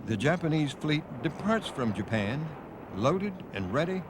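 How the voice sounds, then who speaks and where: A man's voice: a little high, big pitch swings. Grave male documentary narrator. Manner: measured, grave delivery. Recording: faint noise on a VHS broadcast.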